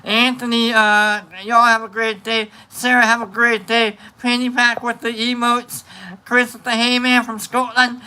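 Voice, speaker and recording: A man's voice: extremely high pitch, completely flat delivery, measured pace, pushed and bright, rough recording. A man hosting a livestream, reading out and greeting viewer comments in a rambling, playful chat full of fillers and restarts. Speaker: livestream host.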